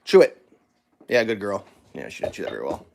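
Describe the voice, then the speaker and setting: A man's voice: on the low side, brisk, creaky, slight background noise. A young man casually telling a story while cooking breakfast, acting out the voices of the people in it. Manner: animated, acts out quoted voices. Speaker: vlogger.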